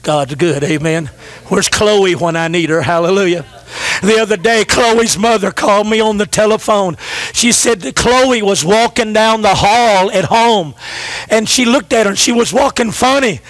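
A middle-aged man preaching a sermon as pastor, calling out to the congregation and swinging from shouted refrains to low, quick asides.

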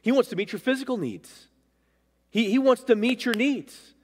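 A man's voice: very high voice, animated, moderate pace. A male pastor preaching a sermon, emphatic, swinging his voice up and down for stress, recorded in a church sanctuary. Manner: emphatic, rising and dropping for stress. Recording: long reverb of a church hall.

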